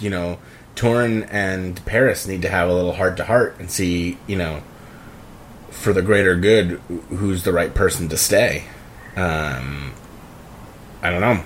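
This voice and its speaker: Deep-voiced hesitant man. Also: a little hiss or hum. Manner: hesitant, halting with restarts and fillers. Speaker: player. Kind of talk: casual tabletop play.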